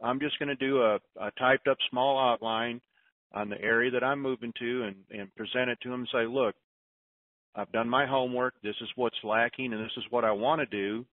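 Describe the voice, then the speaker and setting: A man's voice: mid-range voice, fairly even intonation, fairly quick, dry recording. A man hosting a conference call, giving folksy advice and often restarting his sentences. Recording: tinny phone line.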